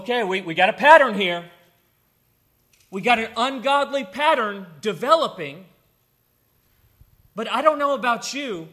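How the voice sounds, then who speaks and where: Man, middle-aged, very high voice, earnest conversational sermon. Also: fairly bright tone. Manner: earnest, conversational preaching with personal stories. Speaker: pastor.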